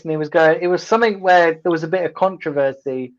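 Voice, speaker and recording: A man hosting a casual football watch-along, telling stories in a rambling, halting way with many ums and restarts. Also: fairly high pitch, muffled recording. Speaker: host.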